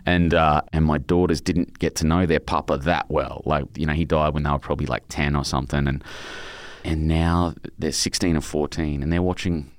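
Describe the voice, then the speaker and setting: A man's voice: extremely low pitch, level tone, normal speed, no room sound, clean studio sound. A middle-aged Australian man, an author being interviewed, telling emotional stories in a rambling way with many restarts. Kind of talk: casual interview chat.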